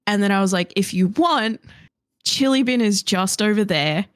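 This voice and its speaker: A woman co-hosting a podcast, telling an animated story with laughter and swearing. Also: medium pitch, normal speed, clean tone, no echo, studio quality. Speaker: podcast co-host. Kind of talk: casual chat.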